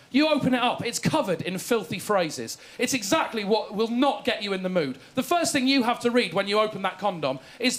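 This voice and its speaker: High-voiced posh young English comic. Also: male voice, very noisy. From England. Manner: self-deprecating, posh storytelling with acted-out quotes. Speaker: stand-up comedian. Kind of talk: stand-up set.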